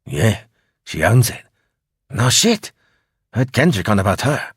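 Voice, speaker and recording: A man's voice: lowish voice, sing-song, a little slow, slightly rough, dry recording, clean studio sound, heavily acted. A man voicing a blunt, streetwise young woman informant in a spoken audiobook, talking in slang.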